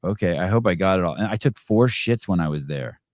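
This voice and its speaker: A man's voice: sits low, expressive, brisk, no echo, clean studio sound. A man hosting a podcast in casual chat, rambling and profane, often restarting his sentences. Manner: many restarts and fillers. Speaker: podcast host.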